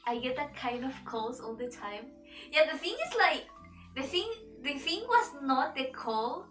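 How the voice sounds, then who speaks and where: A woman's voice: sits high, lively intonation, a little slow, fairly bright tone. A woman VTuber streamer chatting casually while she draws, telling a story in a rambling way with frequent restarts. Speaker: VTuber streamer and webtoon artist. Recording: echoey room, mic at a distance, background music. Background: background music.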